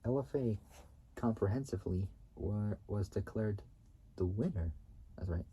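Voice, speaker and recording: A man hosting his own video channel, reading car facts in a halting way, often restarting and repeating phrases and correcting himself. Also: on the low side, mellow, slightly rough, rough recording. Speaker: YouTube channel host.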